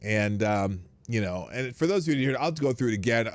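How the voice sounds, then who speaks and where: A man's voice: mid-range voice, brisk, hardly any pauses. A man hosting a morning live stream in a casual, rambling way, greeting his viewers one by one. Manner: animated, greets viewers by name, rambling asides.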